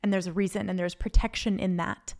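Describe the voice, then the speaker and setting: Talking solo into a studio mic, this podcast host rambles through an unscripted, earnest reflection rooted in faith. She speaks fairly quickly in a mid-range voice with a flat delivery and a darkish tone.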